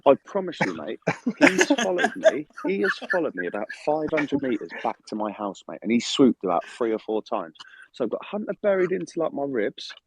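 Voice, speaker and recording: Animated swearing Englishman on a phone call. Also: mid-range voice, brisk, noisy background. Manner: animated storytelling with heavy swearing. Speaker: footballer calling in. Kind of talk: casual chat. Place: outdoors in a garden.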